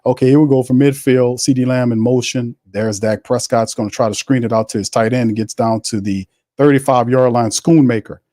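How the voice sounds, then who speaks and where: A man hosting a live football watch party, calling plays and chatting with viewers in a loose, excitable way. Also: mid-range voice, fairly quick, hardly any pauses, no echo, clean studio sound. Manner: excitable on big hits. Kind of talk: casual live-stream play-by-play.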